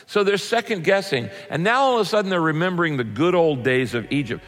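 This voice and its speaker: A man preaching a sermon as pastor, earnest and emphatic, rising to loud peaks and dropping low and quiet. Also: expressive, quick pace, hardly any pauses, faint music behind. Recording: long hall reverb.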